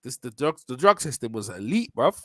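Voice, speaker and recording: A man hosting a casual boxing livestream, animated and slangy, repeating himself as he talks. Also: mid-range voice, brisk, no room sound.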